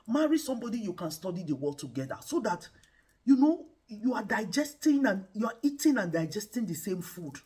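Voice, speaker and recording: A woman's voice: lowish voice, very animated, moderate pace, mellow, husky. A woman hosting a show, giving faith-based relationship advice in a preacher-like way and calling viewers guys. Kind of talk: preaching-style relationship talk.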